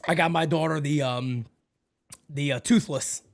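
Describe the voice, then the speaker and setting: A middle-aged man hosting a casual sports podcast, an animated storyteller who laughs often and acts out squeaky voices. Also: unhurried, creaky. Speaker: podcast host.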